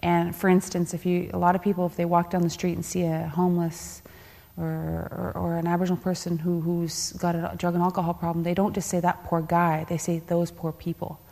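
A woman tells a personal story on a panel in a candid, animated way. Her voice sits a little low. The sound carries a long reverb from a large hall. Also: fairly quick, vocal fry. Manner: candid, laughing, acts out quoted voices. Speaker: panelist, former elite athlete.

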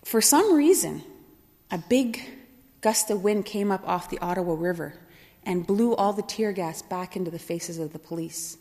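A woman's voice: lowish voice, normal speed. Woman from kahnawake telling her story, laughs a lot, acts out the dialogue, big hall echo. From Kahnawake Mohawk community, Quebec, Canada. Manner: animated, laughing at her own story, voices others in dialogue. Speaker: storyteller recalling her youth. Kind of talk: personal storytelling talk.

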